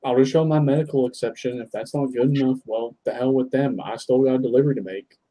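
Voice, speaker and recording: A man's voice: medium pitch, fairly even intonation, fast, dark tone, low-quality recording. A man who works as a food delivery driver, speaking firmly and defiantly in a casual chat.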